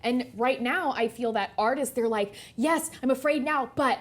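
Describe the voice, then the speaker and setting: A woman co-hosting a casual podcast, with a slightly higher voice. She is blunt and profane, and she acts out her stories with plenty of energy. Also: moderate pace. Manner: blunt, profane, animated storyteller. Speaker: podcast co-host.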